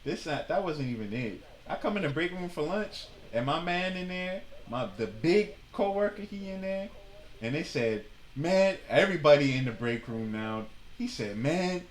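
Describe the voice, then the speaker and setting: Animated young man telling a workplace story. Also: fairly high pitch, normal speed, roomy sound. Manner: animated, slangy, mimics people in his story. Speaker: streamer. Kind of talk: casual storytelling while gaming.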